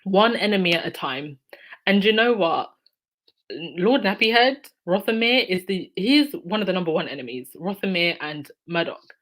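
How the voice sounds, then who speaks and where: Lady livestreamer chatting w her chat, lowish voice, thanking donors and reading comments. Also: lively intonation, moderate pace, a bit bright, rough recording. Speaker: YouTube commentator reading live chat donations.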